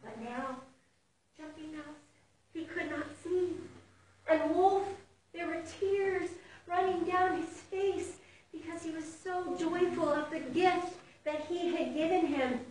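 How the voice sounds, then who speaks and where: A woman preacher tells a fable with dramatic swings in loudness, in a high voice at a slow pace. She is recorded from afar in a very echoey sanctuary, with a faint hiss behind her. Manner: expressive, dramatic storytelling with big swings in loudness. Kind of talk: storytelling sermon. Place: fellowship sanctuary. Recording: echoey hall from far off, faint noise.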